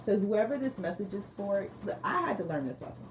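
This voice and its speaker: Over noticeable background noise, this tarot reader speaks in an expressive, mid-range voice at a brisk clip. She keeps things casual for her viewers, laughing often, leaning on slang, and repeating phrases to stress them.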